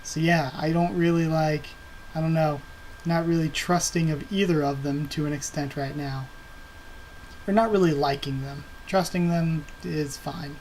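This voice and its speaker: A man talking casually through his reaction to a comic, rambling and stopping to correct himself. His voice sits a little high for a man. Faint noise hums in the background. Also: fairly even intonation, a little slow, a little mellow, low-quality recording. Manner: rambling, many fillers and self-corrections. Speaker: comic reaction video host.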